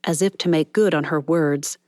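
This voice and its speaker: A woman reading a novel aloud as audiobook narrator, in measured storytelling narration. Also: sits low, steady tone, darkish tone, dry recording, clean studio sound. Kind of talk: scripted narration.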